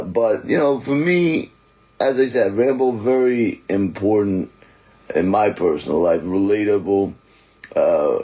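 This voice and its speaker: A man doing a comic impression of a gruff aging male action-movie star, rambling slowly and deadpan. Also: fairly low pitch, rough recording.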